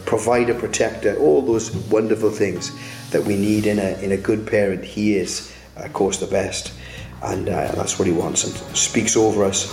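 A man's voice: fairly low pitch, vocal fry, a little mellow. Man preaching in an echoey room. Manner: earnest preaching with frequent restarts and rising emphatic peaks. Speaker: pastor. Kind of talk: sermon.

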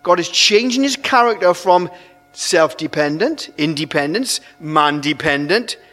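High-voiced male preacher in a hall. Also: unhurried, faint music behind. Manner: animated, conversational, restarts phrases. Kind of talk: sermon. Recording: long hall reverb.

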